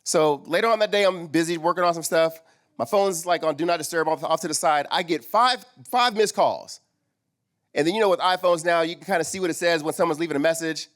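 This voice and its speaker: A man's voice: on the high side, a little fast. A man speaking at a live men's summit, telling a personal story and acting out the dialogue in it. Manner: animated, acts out quoted dialogue. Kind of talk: storytelling talk. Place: live event stage.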